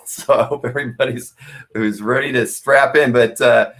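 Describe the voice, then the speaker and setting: A man's voice: mid-range voice, steady tone, moderate pace, fairly bright tone. A middle-aged man hosting a live sales show, joking and self-mocking, with lots of fillers. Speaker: host.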